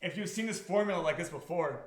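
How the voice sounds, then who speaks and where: Speaking quickly in a high-sitting voice, a man who founded a crypto project runs a live stream with a roomy sound. He addresses chat casually, curses freely, says things more than once, and keeps asking if the audience is following.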